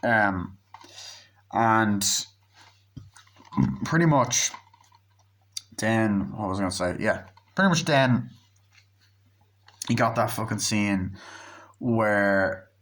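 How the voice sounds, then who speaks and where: A man's voice: lowish voice, lively intonation, slow pace, pauses often, fairly bright tone. Rambling, profane man reviewing a movie. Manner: rambling, profane, with lots of fillers and acted-out dialogue. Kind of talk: casual spoken movie review.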